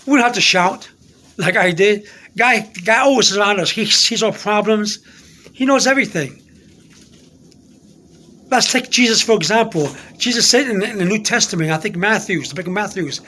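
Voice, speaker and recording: A man telling a personal faith story in a rambling, halting way, repeating himself and restarting often. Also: sits high, sharp tone.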